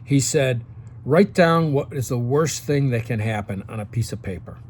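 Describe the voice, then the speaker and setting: A man's voice: medium pitch, expressive, normal speed, darkish tone, a little hiss or hum. Man in his sixties giving advice. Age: 60s. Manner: coaching tone, often tags sentences with "okay?". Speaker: vlogger giving advice to seniors. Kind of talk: casual direct-to-camera advice.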